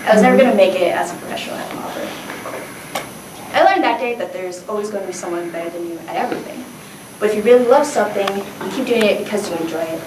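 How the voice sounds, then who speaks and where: Woman storyteller on stage, chatty and self-mocking; roomy, distant recording with noise underneath. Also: medium pitch. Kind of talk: live comedic storytelling. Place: stage before a live audience. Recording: echoey and distant, noisy.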